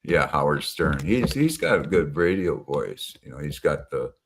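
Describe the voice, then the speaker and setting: A man's voice: rumbling low, sing-song, moderate pace, a little hiss or hum. A man hosting a live stream, chatting casually and rambling with many fillers and casual swearing.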